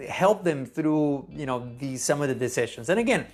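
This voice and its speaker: A man, a neonatologist, giving earnest, conversational teaching advice in a gentle tone. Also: a little high, expressive, moderate pace, soft background music. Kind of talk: casual teaching talk.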